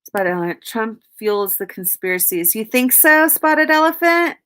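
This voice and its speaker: A woman's voice: on the high side, very animated, normal speed, sharp tone, smooth. Chatty, cussing woman hosting a livestream. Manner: chatty, profane, reads out viewer comments. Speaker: livestream host. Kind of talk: casual livestream chat.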